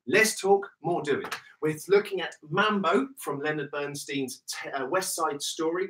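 A man's voice: fairly high pitch, fairly bright tone, recorded from a distance, rough recording. A British man teaching body percussion in an online workshop, counting in and chanting rhythms with upbeat energy.

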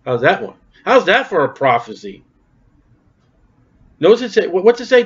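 A man's voice: high voice, very animated, normal speed, breathy edge. Folksy emphatic preacher man, lo-fi. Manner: folksy, emphatic, calls out to the congregation. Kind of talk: sermon. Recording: dull lo-fi sound.

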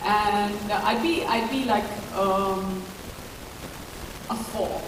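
Rambling woman in a booming hall. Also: takes it slowly. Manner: rambling and self-deprecating, many fillers. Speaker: panel guest at a product launch. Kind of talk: casual panel chat. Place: large echoey event hall. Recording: echoey hall, far-off mic, background noise.

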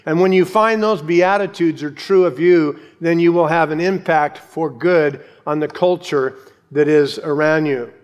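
A pastor delivers an earnest, emphatic sermon to his congregation in the church sanctuary, leaning on repeated key phrases for weight. He speaks on the high side, with a long reverb tail trailing his words.

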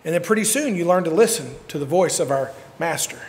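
A man preaching a sermon, telling stories and swinging from shouts to quiet asides. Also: on the high side, animated, a little fast. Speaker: pastor. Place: church sanctuary. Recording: long church hall reverb.

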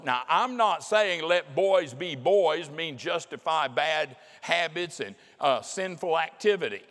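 A middle-aged man preaching a sermon in a folksy, emphatic way, slowing down to drive his points home. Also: a little high, expressive, fairly bright tone. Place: large church hall. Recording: long hall reverb.

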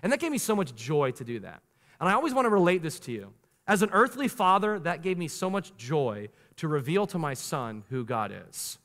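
A man in his thirties preaches a sermon, his voice sitting a little high for a man. He is animated, leaning into slow, weighty phrases and then speeding through casual asides. A long church-hall reverb trails behind every word. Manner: animated preaching, swings between slow emphatic lines and quick asides. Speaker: pastor. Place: church sanctuary.

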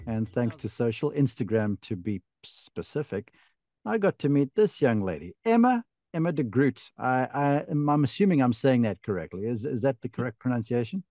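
A man's voice: medium pitch, sing-song, normal speed, dark tone, no echo. South African male host, dry close mic, chatty and upbeat interviewer. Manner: chatty, enthusiastic, frequent restarts. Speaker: podcast host and golf broadcaster. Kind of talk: casual interview chat.

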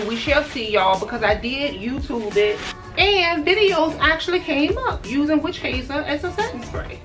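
A chatty, excitable woman talks straight to her viewers in a casual home vlog. Her voice sits a little high. She sounds a bit far from the phone mic, and music plays clearly behind her. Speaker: vlogger. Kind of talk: casual chat. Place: in the car and at home.

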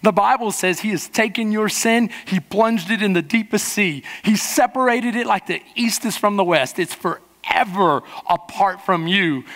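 A man preaching a sermon as pastor, fervent, rushing through some lines and slowing hard on others. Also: sits high, a bit bright, a faint crowd. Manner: fervent preaching, swinging from quick bursts to slow emphasis. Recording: long hall reverb.

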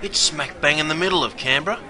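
A man's voice: on the high side, fast, crowd noise, close to an everyday voice. An Australian-accented man playing a brash, chummy pub barman who talks in slangy, matey banter. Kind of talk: scripted character narration.

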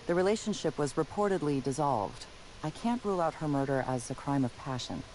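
An actor voicing a formal, dry-witted detective robot in a video game, speaking with precise deadpan delivery. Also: male voice, on the high side, fairly quick, a little hiss or hum, rough recording.

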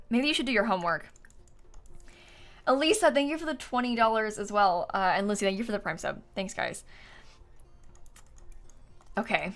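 A woman's voice: on the high side, a bit bright. A woman streamer chatting casually while playing a game, laughing often and thanking viewers for donations. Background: faint background music.

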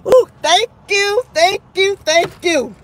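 High-voiced woman in her thirties, live-stream host, gossipy and excitable. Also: takes it slowly, slight background noise. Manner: animated, gossipy, full of "child" and "honey". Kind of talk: casual live-stream chat.

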